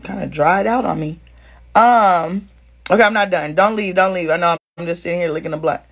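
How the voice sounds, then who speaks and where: A woman's voice: lowish voice, a little fast, breathy edge, lo-fi sound. A woman vlogger chatting casually at home, telling viewers a dating story with slang and acting out both sides of the conversation. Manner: animated, talks straight to viewers, acts out both sides of the story; slangy, calls viewers girl and sis. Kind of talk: casual storytime chat to camera.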